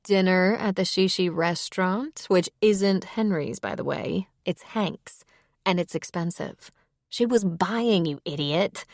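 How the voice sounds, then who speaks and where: Narrator doing a sly, dry-witted barmaid, lowish voice, dry recording. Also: female voice, unhurried, no room sound. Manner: dry, knowing. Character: sly, guarded female bartender.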